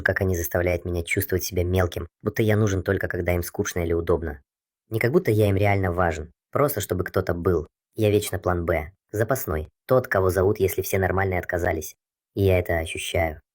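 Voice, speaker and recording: Deep-voiced man, fast and bitter confessional venting, dry close recording. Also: dry recording. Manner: bitter, hurt, resentful. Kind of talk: confessional monologue.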